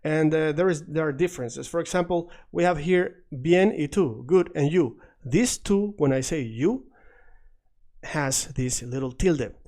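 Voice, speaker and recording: A man teaching a recorded language lesson, patiently repeating words slowly for emphasis. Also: fairly high pitch, darkish tone. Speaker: Spanish teacher.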